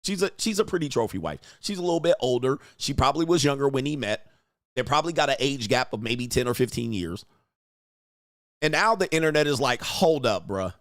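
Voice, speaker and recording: A man hosting his own livestream, talking in a crude, combative way and laughing often at his own remarks. His voice sits at an ordinary pitch for a man. The sound is dry and close, with no room echo. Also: lively intonation, a little fast. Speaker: livestream show host and dating coach. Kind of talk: profane livestream commentary.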